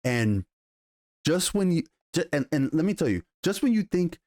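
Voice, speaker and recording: A man casually reviewing a TV episode, retelling scenes with excited, profane enthusiasm and quoted dialogue. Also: a little high, moderate pace, dry recording, studio quality. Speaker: TV show reviewer.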